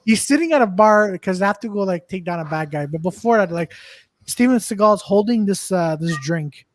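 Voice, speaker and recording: A man's voice: high-pitched, animated, a little fast, dry recording. Brief: male podcast co-host, fired-up rants, swears freely, dry booth sound. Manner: ranting, swearing, reads out chat comments. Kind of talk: casual comedy podcast chat.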